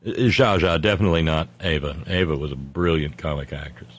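A man's voice: a bass voice, fairly quick, slightly rough. A man hosting a comedy talk stream, reading viewer comments with sardonic, profane asides.

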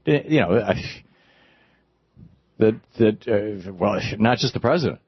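A man hosting a radio talk show, giving animated, conversational commentary with frequent restarts from a broadcast studio. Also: on the low side, slow, breathy edge, no room sound. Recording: dull, dry studio broadcast.

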